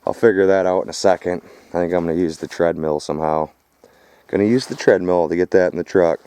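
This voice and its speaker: A man from Michigan filming his own scrap-hauling vlog outdoors in the country, talking in a rough, casual way and swearing easily. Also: deep voice, fast, warm tone. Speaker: vlogger scrapping metal.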